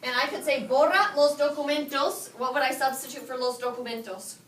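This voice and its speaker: A woman teaching a high school Spanish class, quizzing her students and repeating their answers back to them. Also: steady tone, brisk, fairly bright tone, a little hiss or hum. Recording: echoey classroom from far off.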